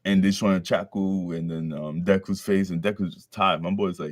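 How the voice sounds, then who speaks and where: A man's voice: low voice, steady tone, a little fast, hardly any pauses, a little mellow, dry recording, clean studio sound. A man casually reading a manga chapter aloud, breaking in with slangy, joking commentary. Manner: slangy, joking asides between read lines. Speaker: manga reader.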